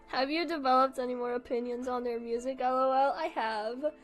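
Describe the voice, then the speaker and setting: A high-pitched woman chats on her livestream at an unhurried pace, swearing freely and breaking into giggles. Faint music plays softly behind her. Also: steady tone. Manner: giggly, swears often, frequent laughing fits. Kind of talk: casual stream chat.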